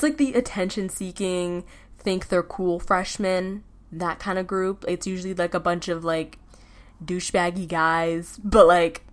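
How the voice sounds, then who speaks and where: A teenage girl talks through her own podcast in a loose, rambling chat. She leans on "like" at almost every turn and breaks into short laughs. Her voice sits a little lower than most girls her age. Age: teens. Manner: rambling, heavy "like" fillers, laughs often. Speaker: podcast host. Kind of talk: casual solo chat. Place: home, with a baby babbling nearby.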